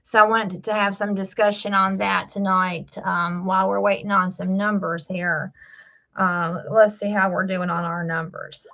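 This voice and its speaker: A woman's voice: medium pitch, little pitch movement, measured pace, vocal fry, fairly bright tone, lo-fi sound. Rambling Southern woman in her forties. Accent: Southern US drawl. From Southern United States. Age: 40s. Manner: rambling, many fillers and restarts. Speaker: livestream host. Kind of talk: casual live-stream chat.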